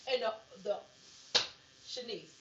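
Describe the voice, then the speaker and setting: A woman's voice: fairly high pitch, expressive, takes it slowly, very noisy. A middle-aged woman hosting a podcast, talking candidly and with emphasis in a casual chat, often calling her listeners girl and baby. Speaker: podcast host. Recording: roomy, muffled, distant, crowd behind.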